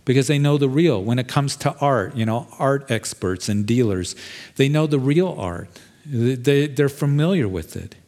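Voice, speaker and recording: A man's voice: mid-range voice, a little mellow. A middle-aged pastor preaching a sermon in a conversational, plain-spoken way, acting out quoted voices as he goes.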